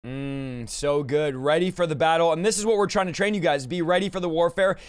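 A man's voice: fairly high pitch, a little fast, clear, resonant tone. A male host talking in a fervent, emphatic preaching style, stacking up repeated declarations. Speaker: show host. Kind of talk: preaching-style talk show chat.

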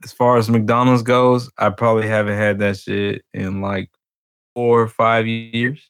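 A man's voice: on the low side, little pitch movement, unhurried, fairly bright tone, clear, resonant tone, no echo, studio quality. A young man chatting casually on a podcast, laid-back and slangy, laughing often. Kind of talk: casual chat.

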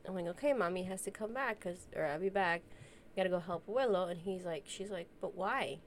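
A woman's voice: lowish voice, brisk, slight background noise. A young woman and mother of two co-hosting a casual podcast, joking and laughing often. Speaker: podcast co-host. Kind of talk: casual chat.

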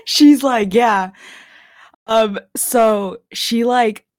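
A woman's voice: fairly low pitch, expressive, moderate pace, no room sound. A young woman in casual podcast chat, retelling a story in a rambling way, saying "like" constantly and swearing often. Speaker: podcast co-host.

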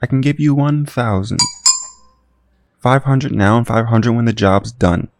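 A man's voice: medium pitch, measured pace, background noise, lightly acted. A man voicing a wealthy Hollywood man who talks with urgent worry in an audio drama.

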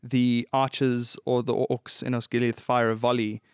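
A man's voice: mid-range voice, little pitch movement, moderate pace, smooth, dry recording, studio quality. A man chatting casually with friends, eagerly explaining film scenes in detail. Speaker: podcast co-host. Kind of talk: casual chat.

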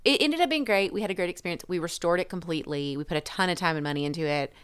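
Podcast co-host, woman, low and clear, chatty self-mocking storyteller. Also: racing. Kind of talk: casual chat.

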